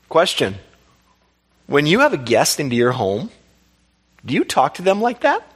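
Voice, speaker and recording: A pastor preaching a lively sermon, asking the congregation questions and laughing along. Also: male voice, on the high side, moderate pace, pauses often, husky.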